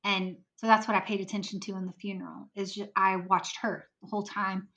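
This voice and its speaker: This woman's mid-range voice is a bit bright and a little fast, with a flat delivery. As a podcast guest, she earnestly recounts an emotional personal experience and acts out what the people involved said.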